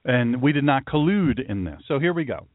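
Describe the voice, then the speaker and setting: A man, a pastor, giving a mocking, animated commentary monologue and talking to an imagined audience. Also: mid-range voice, brisk, dry recording. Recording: tinny phone-like dry sound.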